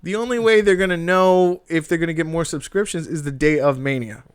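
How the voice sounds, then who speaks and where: A man co-hosting a casual wrestling podcast, excitable, swearing often and laughing at his own jokes. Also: on the high side, a little fast, smooth. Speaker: podcast co-host.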